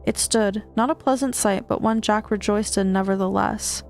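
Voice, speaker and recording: A woman streamer reading a horror book aloud, steady with small stumbles and restarts. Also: medium pitch, moderate pace, soft background music.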